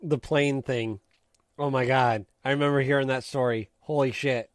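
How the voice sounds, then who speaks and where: A man's voice: medium pitch, fairly even intonation, normal speed, no echo, clean studio sound. A man co-hosting a podcast, chatting casually and bluntly, with some swearing. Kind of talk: casual chat.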